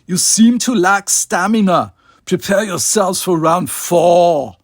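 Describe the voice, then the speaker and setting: Jovial mocking dictator, put on by a male reader, loud, slow, dry recording. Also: on the high side, no room sound, voice pushed up, lightly acted.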